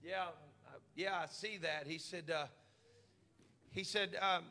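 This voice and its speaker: A man preaching a sermon as pastor, stammering repeats and climbing into shouts. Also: high voice, a little slow. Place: church hall. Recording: live church hall reverb.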